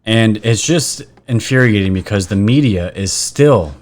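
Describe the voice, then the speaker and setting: A man hosting a casual commentary vlog, chatty and excitable, talking straight to his viewers as "guys.". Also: fairly low pitch, measured pace. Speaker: vlog host.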